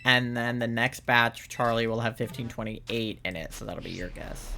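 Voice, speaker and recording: Chatty gravelly-voiced man streaming a game. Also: mid-range voice, moderate pace, hardly any pauses, sharp tone, slight background noise. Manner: rambling, chatty, playful, with laughs and squeals. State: sleepy, yawning. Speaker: live streamer playing a video game. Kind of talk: casual live-stream gaming commentary.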